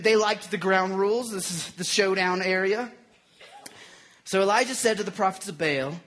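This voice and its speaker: A man's voice: high-pitched, fairly quick, a bit bright. A man preaching a casual, jokey sermon, retelling scripture in everyday slang.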